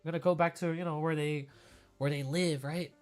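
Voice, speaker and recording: A man's voice: fairly high pitch, steady tone, fairly quick, faint music behind. A young man streamer in a tearful, rambling casual chat, full of fillers and emotion.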